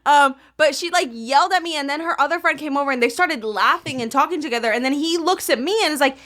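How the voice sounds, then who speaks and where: A woman's voice: high voice, fast, a bit bright. A young woman co-hosting a podcast, telling a story in casual, profane chat and laughing often. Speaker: podcast co-host.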